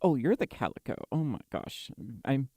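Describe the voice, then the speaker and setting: A woman's voice: rumbling low, big pitch swings, normal speed, mellow, breathy edge, dry recording. A woman hosting a casual livestream, chatting with viewers and reading their messages in a tired, scattered way, laughing often. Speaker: livestream host.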